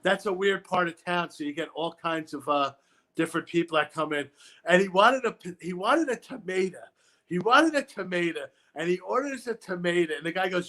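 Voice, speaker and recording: A male comedian with a higher-than-usual voice spins rambling stories, building to punchlines in a stand-up manner. His delivery is loose and conversational. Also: a little fast, a bit bright. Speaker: comedian guest. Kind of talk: stand-up style chat.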